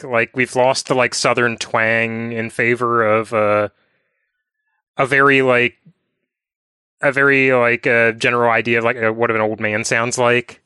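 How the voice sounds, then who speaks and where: Bright, smooth-voiced man in casual chat. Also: medium pitch, no echo, clean studio sound. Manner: chatty, leans heavily on "like" fillers. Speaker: podcast co-host.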